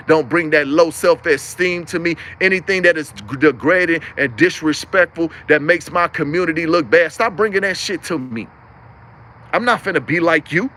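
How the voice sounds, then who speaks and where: Pushed and bright, a young man's high voice carries a preachy, uninterrupted livestream talk in which he hammers each point with insistent repetition.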